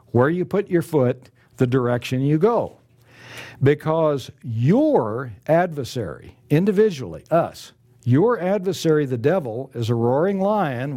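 A man preaching a sermon, earnest and emphatic, slowing down to stress scripture quotes. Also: mid-range voice, mellow.

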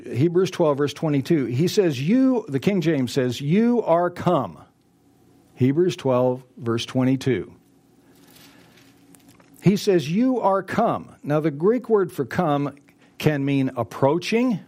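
Animated male preacher, lively pitch. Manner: emphatic, reads scripture slowly and rises in pitch on quotes. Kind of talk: sermon.

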